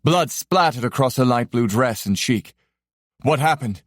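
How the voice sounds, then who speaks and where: A man narrating a fantasy romance audiobook in a steady, even storytelling way. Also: mid-range voice, measured pace, no room sound, studio quality.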